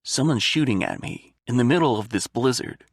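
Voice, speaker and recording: A man's voice: lively intonation, moderate pace, no echo, studio quality. A man voicing a grim, hardened male soldier who speaks bluntly and tersely for an audiobook. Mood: gruff. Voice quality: gravelly, low. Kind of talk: audiobook character voice.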